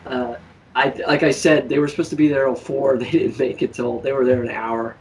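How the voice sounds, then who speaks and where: A man hosting a casual political chat, telling stories in a lively way and acting out the people he quotes. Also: mid-range voice, fairly quick, far from the mic, poor audio. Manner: animated storytelling, acts out quoted people. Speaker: show host.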